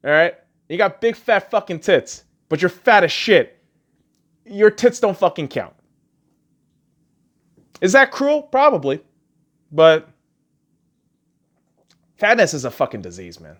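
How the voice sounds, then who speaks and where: A man's voice: on the high side, big pitch swings, moderate pace, pauses often. Swearing man on a heated podcast rant. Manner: crude, heated, heavy swearing. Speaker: podcast host.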